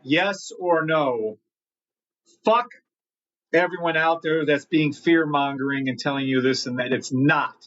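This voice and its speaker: A man's voice: on the high side, fairly bright tone, muffled recording. A man hosting a live trading stream, greeting chat by name and talking bluntly with lots of swearing. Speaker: livestream trading host. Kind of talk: live market commentary reading chat.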